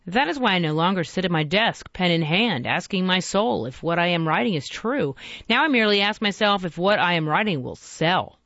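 A woman's voice: on the low side, fairly bright tone, dry recording, highs cut off. A woman reading aloud and voicing a troubled, impassioned Victorian author who speaks in an earnest, oratorical way.

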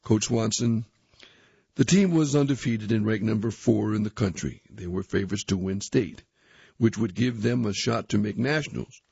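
Gravelly husky man reading aloud. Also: lowish voice, a little mellow, dry recording. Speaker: reader. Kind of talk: reading a youth magazine aloud. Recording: dull, dry recording.

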